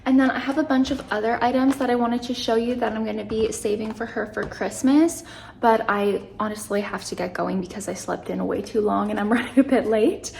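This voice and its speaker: A young woman from British Columbia, Canada, tired from too little sleep, vlogs casually to camera in a chatty, rambling way, full of "like" and restarts. Her voice is a little high, creaky and a little mellow, with fairly even intonation at a fairly quick pace, and there's slight background noise.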